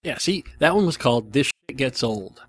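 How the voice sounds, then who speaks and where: A man's voice: medium pitch, expressive, moderate pace, over loud music. A man hosting a casual radio-style show, talking in a rambling, self-deprecating way with frequent restarts. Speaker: host.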